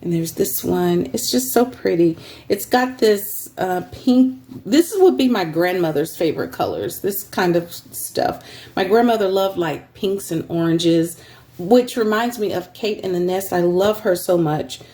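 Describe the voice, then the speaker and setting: Slow, mellow-voiced woman showing craft fabrics. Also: fairly low pitch, lively intonation. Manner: meandering, with many ums and throat clearing. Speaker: craft seller. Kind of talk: casual show-and-tell selling craft supplies. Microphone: phone.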